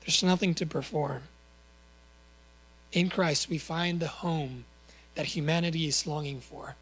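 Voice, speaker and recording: Earnest male preacher, slightly high voice. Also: fairly even intonation, unhurried, a bit bright, rough recording. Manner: earnest, with rhetorical questions and small self-corrections. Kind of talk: sermon.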